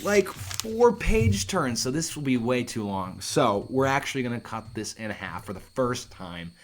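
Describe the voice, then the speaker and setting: A man teaching a Shakespeare play, reading lines aloud and paraphrasing them in casual, lively asides. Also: on the low side, moderate pace. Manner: lively, casual asides, often restarts and says um.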